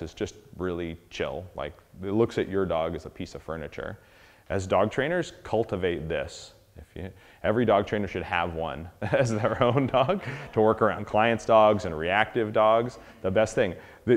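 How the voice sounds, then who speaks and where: A man giving a casual, animated dog-training lesson, acting out dogs and people in quick quoted voices. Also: on the low side, big-room sound. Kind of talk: casual instructional talk.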